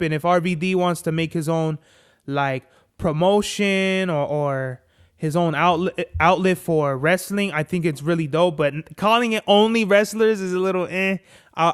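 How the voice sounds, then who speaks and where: Guy hosting a podcast, swears a lot, ranting, kinda high voice, clean and clear. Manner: profane, animated storytelling with acted-out quotes. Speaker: podcast host. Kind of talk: casual chat.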